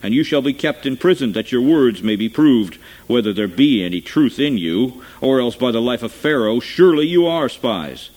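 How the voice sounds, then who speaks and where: A man voicing a powerful male governor who speaks with stern, measured authority. The voice sits at a middling pitch and stays solemn throughout the scripture reading. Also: expressive, darkish tone, natural voice, poor audio.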